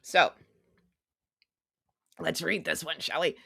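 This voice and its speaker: A woman's voice: sits low, lively intonation, slow pace, gravelly, bright, forceful tone, slightly rough, no room sound, studio quality. A woman hosting a casual celebrity gossip livestream, chatty and sarcastic as she talks to her viewers. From Canada. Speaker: livestream host.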